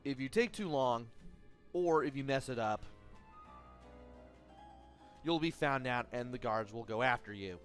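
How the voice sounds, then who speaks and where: A man's voice: medium pitch, animated, measured pace, pauses often. A man hosting a let's play, giving casual, explanatory gameplay commentary. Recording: voice-over with faint game music.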